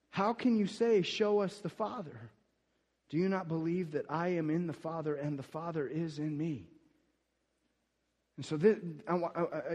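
Male pastor, high voice, sermon style; shifts from hushed reading to forceful preaching. Long hall reverb. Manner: swings between soft scripture reading and loud emphatic preaching.

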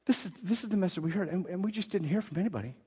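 A male pastor delivers a sermon with a somewhat high voice, moving between hushed asides and forceful, repeated declarations. His words ring out with the long reverb of a large church hall. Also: very fast, breathy edge. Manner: emphatic preaching that swings from quiet asides to loud declarations; repeats key phrases for emphasis.

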